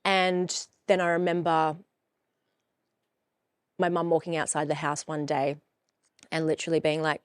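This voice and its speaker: A woman in her forties tells a personal story frankly and with emphasis, swearing freely. Her voice sits a little low. It is recorded close and dry. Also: level tone, measured pace, long pauses, clear, resonant tone, no room sound. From Australia. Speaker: coach and podcast host.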